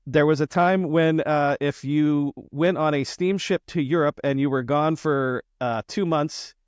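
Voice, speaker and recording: A man's voice: a little high, clean tone, dry recording, highs cut off. Rambling male podcast host, dry sound. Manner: rambling, halting, many fillers. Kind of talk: casual interview chat.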